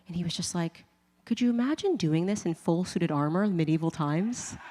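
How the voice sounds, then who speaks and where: A woman's voice: lowish voice, expressive, a little fast, mellow. A woman giving a humorous personal testimony to a live audience, laughing often and acting out her own thoughts. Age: adult with a husband and kids. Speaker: speaker giving a conversion testimony. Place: large event hall. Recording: long hall reverb from a live event.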